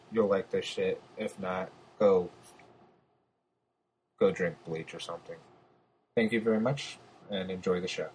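A man's voice: low voice, slight background noise. A man narrating his own story podcast, blunt and profane in his asides.

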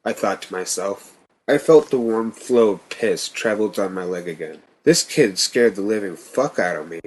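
A man reading a first-person horror story in a tense, steady manner. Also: fairly low pitch, moderate pace. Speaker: narrator.

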